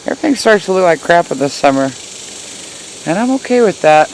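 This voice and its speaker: A woman's voice: on the low side, lively intonation, fairly quick, slight background noise, poor audio. Folksy woman touring her garden. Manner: chatty, folksy, laughing at herself. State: hot and sweaty. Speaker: gardening vlogger. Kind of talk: casual garden tour. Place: outdoor backyard garden.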